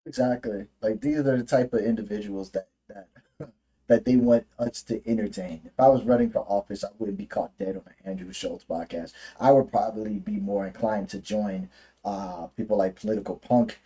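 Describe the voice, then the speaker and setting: A man's voice: on the low side, steady tone, normal speed, dark tone, husky. A man ranting through political commentary on a livestream, profane and heated, often restarting his sentences.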